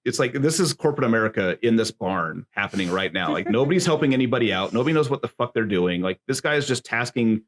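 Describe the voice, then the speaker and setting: A man's voice: lowish voice, expressive, fast talker, hardly any pauses, slight background noise. Rambling, swearing man reviewing a movie. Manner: rambling, swears freely, lots of "like". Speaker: podcast co-host. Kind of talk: casual movie review chat.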